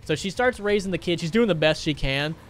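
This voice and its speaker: A man's voice: a little high, lively intonation, brisk, a little hiss or hum. Profane, rambling young male streamer. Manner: profane, rambling, emotional, reads out chat donations. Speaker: gaming livestreamer. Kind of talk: casual live-stream chat.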